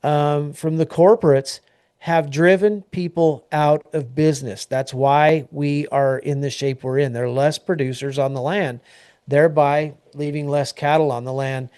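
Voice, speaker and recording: A man's voice: a little high, fairly even intonation, measured pace, a little mellow, smooth, no room sound, studio quality. A man co-hosting an agriculture news talk show, speaking in a plainspoken, rambling way with many fillers and restarts. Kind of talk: casual news discussion.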